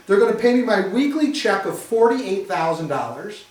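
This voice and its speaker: A middle-aged man from Detroit, telling his own story to a live audience in an animated, self-mocking way. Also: high-pitched, moderate pace, few pauses. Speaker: speaker giving a testimony. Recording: roomy echo, mic at a distance.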